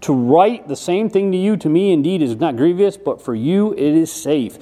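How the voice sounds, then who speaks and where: A man preaching a sermon in a folksy, repetitive way, switching between loud emphasis and quiet asides. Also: on the high side, animated, normal speed. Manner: folksy, repeats himself with restarts.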